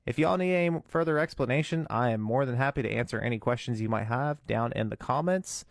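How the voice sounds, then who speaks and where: A man's voice: mid-range voice, fairly quick, gravelly, dry recording. Guy walking you thru a tutorial step by step, earnest and careful, dead dry sound. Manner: earnest, cautious, breaks into demo screams and whispers. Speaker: vocal tutorial maker.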